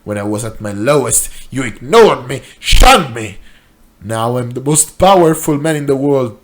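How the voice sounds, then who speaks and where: A man's voice: medium pitch, animated, a little slow, close to an everyday voice. A man voicing a smug, all-powerful male corporate boss who talks in a pompous, condescending way.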